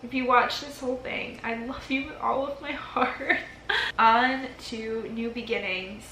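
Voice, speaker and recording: Young woman in her early twenties, crying vlogger, rambling and high-ish, recorded in a bare echoey apartment. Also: fairly even intonation, a little slow, noisy background. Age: early 20s. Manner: rambling, heavy use of "like", tearful laughs. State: crying, teary voice. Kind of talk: emotional farewell vlog, casual talk to camera. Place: empty apartment, indoors. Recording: echoey empty room.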